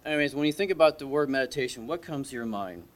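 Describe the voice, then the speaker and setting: Fast-talking and expressive, a man with a mid-range voice gives a loose, conversational sermon at church. He hesitates and restarts frequently while posing questions to the congregation.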